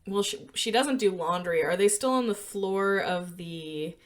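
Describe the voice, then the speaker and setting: A woman's voice: mid-range voice, unhurried. A woman co-hosting a podcast, casually walking through a film scene, with fillers and small laughs. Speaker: podcast co-host.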